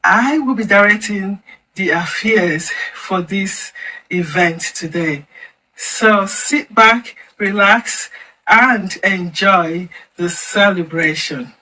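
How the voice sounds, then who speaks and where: A woman hosting a formal online celebration event, announcing each part in a measured, deliberate way. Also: mid-range voice, pushed and bright, rough recording. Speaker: event host and campaign founder.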